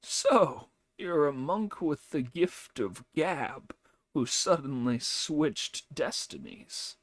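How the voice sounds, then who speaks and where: A man voicing a timid, dim-eyed old male farmer who speaks slowly and wryly. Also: fairly high pitch, expressive, dry recording, pitched above the performer's own voice, heavily acted.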